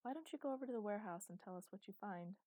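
A woman reading an audiobook, voicing a doting older female teacher with a velvety, smooth voice who gushes with affection. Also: medium pitch, animated, rapid-fire, mellow, no echo, close to an everyday voice. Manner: gushing, affectionate.

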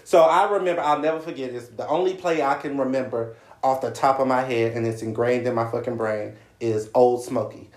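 A man telling a long story in casual podcast chat, profane and animated, slipping into voices for other people. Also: medium pitch, brisk, few pauses. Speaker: podcast co-host. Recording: echoey room.

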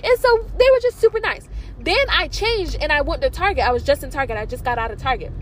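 High-voiced, chatty young woman vlogger. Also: fast, poor audio. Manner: chatty, filler-heavy, excitable. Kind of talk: casual vlog storytelling.

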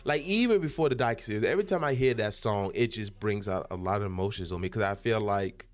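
A young man talking casually to his viewers as a YouTube host, rambling and animated, with lots of fillers and restarts. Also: on the low side, quick pace, soft background music. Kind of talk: casual vlog monologue.

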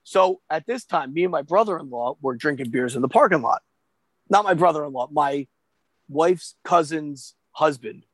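A man telling a story in casual chat, animated and profane, acting out the voices of the people he quotes. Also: fairly high pitch, moderate pace, no room sound.

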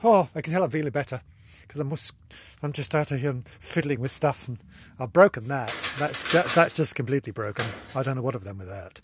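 A podcast host with a mid-range voice and lively intonation talks fairly quickly in a casual solo podcast, with slight background noise. He rambles, gets easily distracted, and delivers things theatrically and exclaimingly, giggling often.

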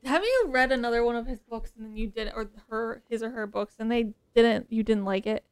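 A woman with a smooth, clear voice that sits a little high. She chimes in with quick reactions and short comments during a casual conversation. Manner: reacts with short interjections and laughs. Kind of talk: casual chat.

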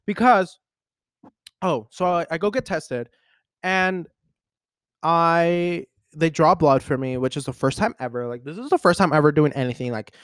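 A man in his twenties hosting a podcast, telling a personal story in a casual, animated, rambling way with lots of fillers. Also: on the high side, normal speed, smooth, no echo, clean studio sound. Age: 20s. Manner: animated, rambling, heavy use of "like". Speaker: podcast host.

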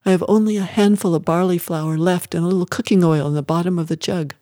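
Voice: medium pitch, slow, mellow, dry recording, studio quality, voice pushed up. A narrator voicing a poor, starving young widow and mother who speaks with a quaver. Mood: indignant. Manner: quavering, defensive. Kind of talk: audiobook character voice.

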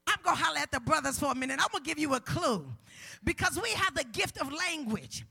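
High, gravelly woman preaching a sermon. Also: expressive, normal speed. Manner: preaches with rising shouts and playful asides. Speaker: guest minister.

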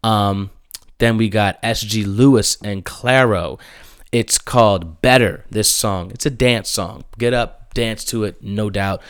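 A young man giving casual, blunt music reviews, swearing and breaking into animated, emphatic outbursts. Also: lowish voice, slow pace, clear, resonant tone, no room sound, clean studio sound.

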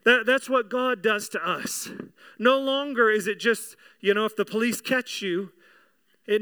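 Man, pastor, sermon, earnest, bright tense tone, crisp clear voice. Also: high voice, normal speed. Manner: earnest, repeats words, asks the congregation questions.

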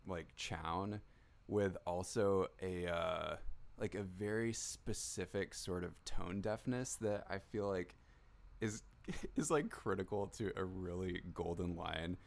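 A man co-hosting a podcast in casual chat, rambling with lots of restarts and quick laughs. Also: deep voice, gravelly. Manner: rambling, many fillers and restarts, laughs a lot. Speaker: podcast co-host.

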